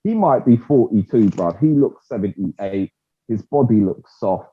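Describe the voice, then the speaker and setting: A man co-hosting a casual fight-talk podcast, talking in a slangy, animated way and often saying "bruv". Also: lowish voice, measured pace, husky. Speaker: podcast co-host. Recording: muffled phone-like audio.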